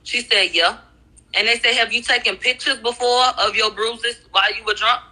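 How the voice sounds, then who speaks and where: Casting: woman, very bright tone, casual chatty recap of a trial. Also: fairly high pitch, fairly even intonation, moderate pace, slightly rough, rough recording. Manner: retells questions and answers in a chatty run-on way. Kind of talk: casual retelling of court testimony.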